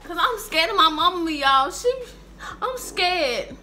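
A young woman in her late teens telling a dramatic storytime vlog in an animated, slangy way. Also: extremely high pitch, slow pace. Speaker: vlogger.

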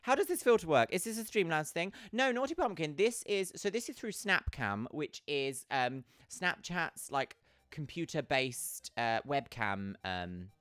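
Female game streamer, casual, affectionate with chat, animated delivery. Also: low voice, unhurried, dry recording, clean studio sound. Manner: chatty and affectionate, greets viewers by name, calls them "my love". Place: at home.

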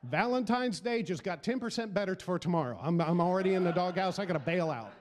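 A man's voice: high voice, animated, fast, in a large hall. A middle-aged man preaching a sermon as pastor, building emphasis through repeated phrases. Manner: preaching with rising emphasis and repetition.

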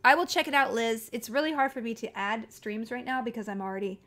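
A woman's voice: a little high, quick pace, fairly bright tone. A woman live-streaming a video game in casual, chatty talk, scattered and reading viewer comments aloud as she goes.

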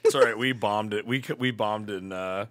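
A man's voice: lowish voice, moderate pace. A man who plays in a band, a guest on a casual podcast, telling a rambling story full of restarts. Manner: rambling anecdote with many restarts and fillers.

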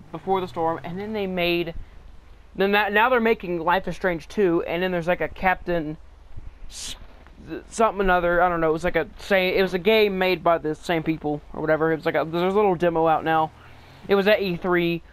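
A man's voice: sits high, fairly even intonation, normal speed, a bit bright, smooth. A man talking casually over gameplay, rambling with many restarts as a gaming channel host.

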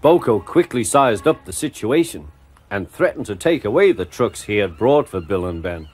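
A man narrating a children's engine story in an expressive storytelling manner. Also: lowish voice, normal speed. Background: background music.

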